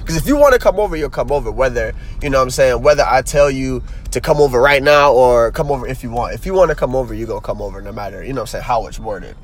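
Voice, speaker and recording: A man's voice: medium pitch, expressive, quick pace, hardly any pauses. A young man hosting a casual solo podcast, rambling with slang fillers and repeating himself as he makes his point emphatically. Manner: grows heated and emphatic. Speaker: podcast host.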